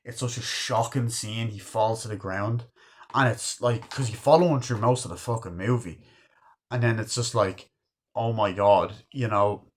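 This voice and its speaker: Profane, excitable man reviewing a movie. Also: on the low side, normal speed. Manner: excitable, swears a lot, acts out movie lines. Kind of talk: casual film review monologue.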